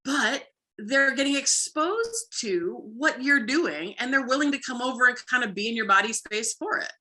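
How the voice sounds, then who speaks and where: A woman dog trainer, a guest explaining play with dogs in casual chat, lively and full of "like". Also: on the high side, moderate pace. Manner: lively, acts out playful bits with frequent "like".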